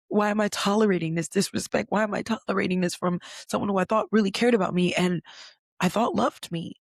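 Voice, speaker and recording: A woman's voice: lowish voice, gravelly, a little mellow, no room sound, clean studio sound. A young adult woman hosting a podcast, telling a personal story in a candid, conversational way with frequent fillers and the odd swear word. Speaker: podcast host.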